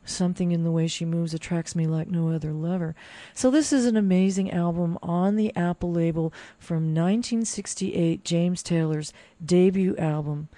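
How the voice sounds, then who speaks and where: A woman introducing records as a radio host, her voice sitting a little low with a mellow warmth. She talks in a loose, enthusiastic, conversational way. The sound is dry and close, with no room around her. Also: fairly even intonation, normal speed, no room sound. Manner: chatty and enthusiastic, loose with fillers. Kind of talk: casual radio storytelling.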